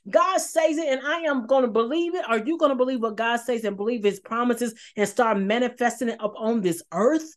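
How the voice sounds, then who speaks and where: A woman with a high, expressive voice preaches an emotional sermon at normal speed, sharing her own testimony of struggle. She is passionate and emphatic, repeating herself often.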